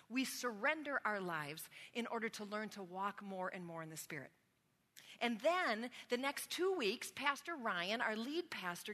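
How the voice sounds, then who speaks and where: A woman's voice: on the high side, bright, forceful tone. Woman pastor preaching in a big hall. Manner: conversational, self-deprecating storytelling. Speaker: spiritual formation pastor. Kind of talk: sermon. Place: church sanctuary. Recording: long reverb of a large hall.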